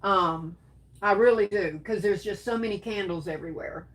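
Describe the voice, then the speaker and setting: Woman, crafting livestream host; warm pet names for viewers, sneezing between comments. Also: mid-range voice, normal speed. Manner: affectionate, calls viewers baby and darling. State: sneezing and coughing. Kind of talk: casual livestream chat reading comments.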